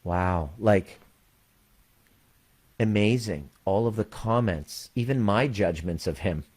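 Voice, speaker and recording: A man leading an online community, telling a personal story plainly and swearing freely, then slowing down to stress his point. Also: on the low side, lively intonation, darkish tone, slightly rough. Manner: slows down to stress key points. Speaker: coach and community leader.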